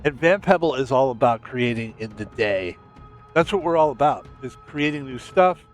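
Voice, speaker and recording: A man's voice: mid-range voice, animated, normal speed, faint music behind. An American man streaming, talking in a rambling, casual way with some swearing. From United States. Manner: rambling, profane, self-promoting.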